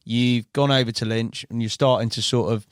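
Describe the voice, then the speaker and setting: A man's voice: medium pitch, normal speed, clear, resonant tone, no echo, studio quality. A man hosting a podcast, asking easygoing questions and calling his guest mate. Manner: relaxed, says mate, short prompts. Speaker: podcast host. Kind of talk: casual interview chat.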